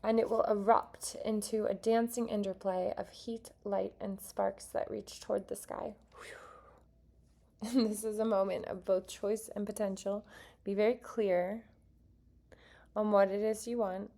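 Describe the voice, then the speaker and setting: A woman's voice: medium pitch, little pitch movement, measured pace, gravelly, dark tone. A woman giving a casual tarot card reading to her viewers, chatty and earnest, with self-aware asides as she reads. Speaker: tarot reader.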